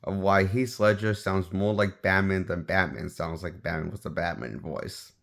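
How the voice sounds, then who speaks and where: A man's voice: deep voice, steady tone, normal speed, gravelly, fairly bright tone. A man giving a casual spoken movie review, rambling and often restarting his sentences as he shares offhand opinions. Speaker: film reviewer.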